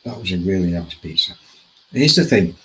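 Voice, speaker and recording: A man in a relaxed talk show with a fairly low voice. He keeps things light, cracking jokes and laughing easily as he chats about politics. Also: moderate pace, a little hiss or hum, low-quality recording. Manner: jokey, laughs often. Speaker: host. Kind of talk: casual political chat.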